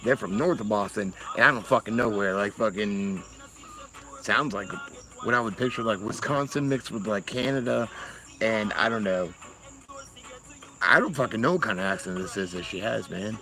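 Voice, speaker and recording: A man's voice: on the low side, normal speed, sharp tone, rough recording. A man from Massachusetts chatting casually on a livestream, rambling and swearing, often laughing. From Massachusetts, USA. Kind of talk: casual chat.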